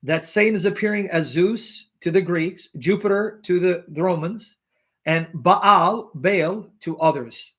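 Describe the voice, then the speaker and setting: Guy with a highish voice lecturing hard on theology, keeps asking rhetorical questions. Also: unhurried, fairly bright tone. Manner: emphatic, rhetorical questions, clears throat. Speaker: Christian apologist guest. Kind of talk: animated theological argument.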